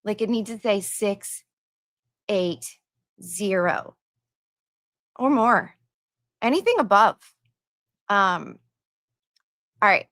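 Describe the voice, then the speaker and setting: A woman's voice: mid-range voice, lively intonation, slow, pauses often, fairly bright tone, no echo, clean studio sound. A woman hosting a livestream, chatting casually and reading viewer donations and messages aloud with her own asides.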